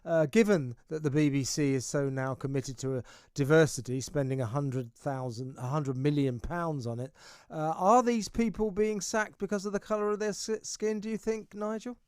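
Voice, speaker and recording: A man's voice: on the high side, fairly even intonation, normal speed, darkish tone, clean tone, no room sound. A man hosting an opinionated studio talk show, asking pointed, provocative questions.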